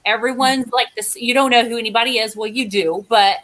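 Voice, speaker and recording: A woman's voice: a little high, steady tone, brisk, a bit bright. A woman guest in casual chat who talks in a rambling, chatty and self-mocking way.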